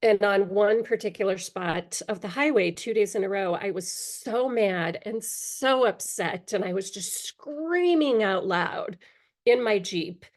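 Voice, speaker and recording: A middle-aged woman, a guest in an interview, telling a personal story candidly, pausing often and clearing her throat now and then from allergies. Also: mid-range voice, lively intonation. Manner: candid, halting, with frequent pauses and fillers.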